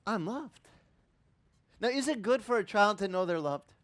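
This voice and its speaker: Male pastor with a voice pitched a bit high, storytelling sermon style, halting and lively. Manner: animated storytelling, acting out quoted voices; halting, with frequent restarts.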